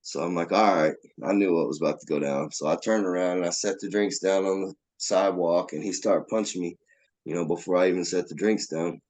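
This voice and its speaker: A man with a fairly low voice recounts a story in casual conversation. He slips into the voices of the people he quotes as he tells it. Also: brisk, darkish tone. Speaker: interview guest.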